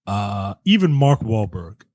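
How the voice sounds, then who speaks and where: Man with a lively, husky voice. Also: lowish voice, a little slow, dry recording, dull audio. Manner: blunt, repeats his points, slangy with "yo" and "man". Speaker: podcast movie reviewer. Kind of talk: casual chat.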